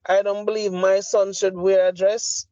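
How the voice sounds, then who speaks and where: A man's voice: high-pitched, flat delivery, moderate pace, mellow, dry recording. Fired-up Jamaican man ranting. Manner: impassioned, profane, emphatic. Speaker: podcast co-host. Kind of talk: heated opinion rant. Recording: dry, slightly muffled lo-fi audio.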